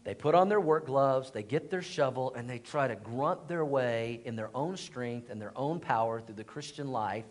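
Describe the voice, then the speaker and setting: A man's voice: mid-range voice, moderate pace, few pauses. A man preaching a sermon as pastor, telling a humorous story about himself and calling on the congregation to respond. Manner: animated storytelling with self-deprecating humor.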